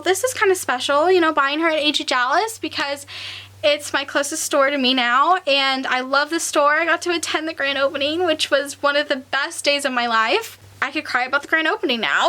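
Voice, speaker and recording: A woman's voice: sits high, pushed and bright. A young woman chatting casually to camera as a collector vlogger, rambling with lots of fillers and getting tearful.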